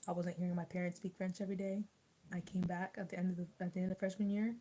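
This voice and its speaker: A woman's voice: on the low side, little pitch movement, fast talker, dark tone, poor audio. A young woman vlogger chatting casually while eating, rambling with lots of restarts and fillers. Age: young adult. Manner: rambling, many restarts and likes. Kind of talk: casual mukbang chat.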